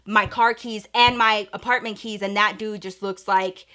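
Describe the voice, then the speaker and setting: A woman's voice: mid-range voice, steady tone, normal speed, pushed and bright. A woman vlogger telling a story in a casual, profane, chatty way, talking straight to her viewers.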